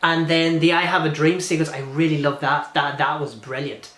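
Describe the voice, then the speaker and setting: Man in a film review vlog: gushing, rambling, a bit high-pitched, roomy echoey recording. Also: fairly even intonation, normal speed, a bit bright. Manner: gushing, rambling with many restarts and fillers.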